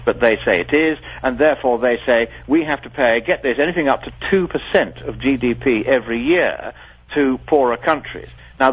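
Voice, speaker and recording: A man's voice: mid-range voice, husky. A man being interviewed on the radio, speaking in an articulate, formal and emphatic way. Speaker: guest. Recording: dull lo-fi radio broadcast.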